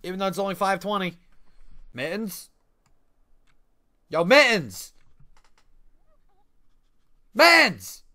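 A man giving casual let's-play commentary on a life-sim game, excitable and slangy, laughing often. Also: sits high, measured pace, long pauses, dry recording, studio quality.

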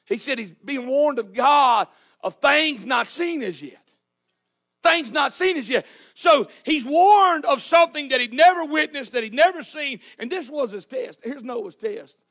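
In a church sanctuary, a pastor delivers a sermon in a voice very high for a man and a bit bright. He's expressive and keeps a measured pace, hollering his points with fervent emphasis.

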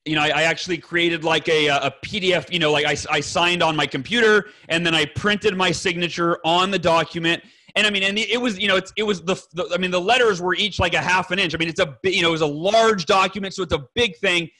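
A man in his thirties speaks as a podcast guest, earnest and rambling, often correcting himself mid-sentence. His voice sits high and bright. He clears his throat often and drops the odd curse word. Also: fairly even intonation, fast, few pauses. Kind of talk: emotional personal story to fathers.

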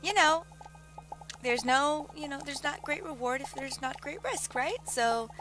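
A young woman giving excitable, gushing commentary while playing a video game, on a budget desktop mic. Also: high-pitched, measured pace, over music. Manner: excitable, gushing, lots of exclamations and laughs. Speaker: let's play host. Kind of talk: gaming commentary. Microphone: budget desktop mic with keyboard clicks. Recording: faint background noise, keyboard clicks.

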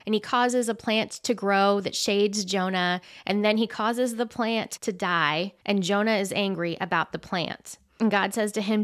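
A woman's voice: mid-range voice, steady tone, unhurried, dry recording. A woman teaches from the Bible on her podcast, speaking earnestly and conversationally in a medium voice. She reads scripture aloud between her own reflections. The recording is close and dry, with no room sound.

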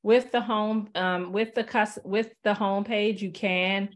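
A woman casually presenting software in a webinar, chatty and relaxed, with many fillers, over a video call. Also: mid-range voice, measured pace.

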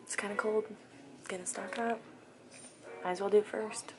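A young woman in a casual shop-with-me vlog, chatty and excited, often dropping to a whisper, filmed on a handheld camera inside a thrift store. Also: medium pitch, moderate pace, pauses often. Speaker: vlogger. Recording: store noise in background.

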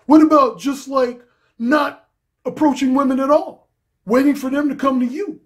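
A man's voice: extremely high pitch, normal speed, pitched above the performer's own voice. A man doing a smug, bragging woman-avoider. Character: boastful young man who never approaches women.

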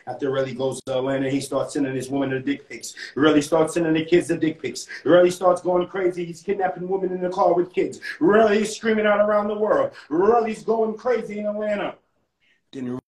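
A man's voice: fairly high pitch, fairly quick, a little mellow, echoey room, low-quality recording. A man telling a comedic mock-funeral story with a theatrical, over-the-top delivery.

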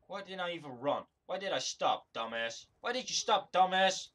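A man's voice: high voice, animated, normal speed, pushed and bright. A man giving angry gameplay commentary, swearing constantly and ranting at other players. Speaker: gamer recording his own play.

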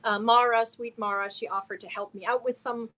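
A middle-aged woman chats casually on her live stream. Her voice sits a little high, and she greets viewers and answers their messages one by one. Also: steady tone, a little fast. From Germany. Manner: reads chat messages aloud and answers viewers warmly one by one.

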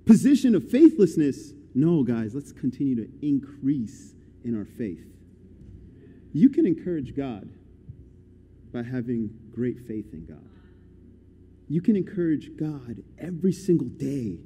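A man preaching a sermon as a guest speaker, animated and swinging between quiet and loud passages. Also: a little high, a little hiss or hum. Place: church hall. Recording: church hall reverb.

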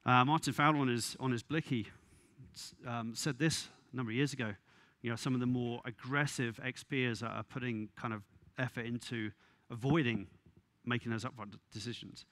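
A man's voice: medium pitch, steady tone, a bit bright, dry recording. Wry man giving a conference talk. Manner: wry, exasperated, quick asides with laughs. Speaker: conference speaker. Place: conference venue.

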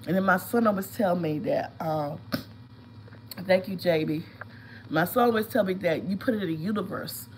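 A woman's voice: on the low side, moderate pace, a little hiss or hum, low-quality recording. A woman in her fifties with a head cold, sniffling and stuffed up, telling a long story while lying at home during a casual live stream and greeting viewers by name. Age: 50s.

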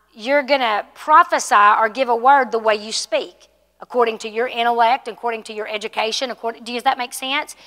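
A high, bright woman's voice carries through a church hall with a long, echoing tail. She teaches a class like a pastor, talking it through and checking in with her listeners. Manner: conversational, asks the room questions. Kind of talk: sermon teaching.

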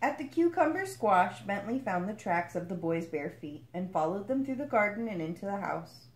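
Expressive woman reading a picture book. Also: mid-range voice, fairly quick, reverberant. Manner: expressive, lively. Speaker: storyteller.

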